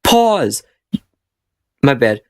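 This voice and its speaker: A man's voice: mid-range voice, big pitch swings, drawn-out words, no room sound. Sarcastic man mocking fanfic, dry sound. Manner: sarcastic, profane, exasperated. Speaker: reader and commentator.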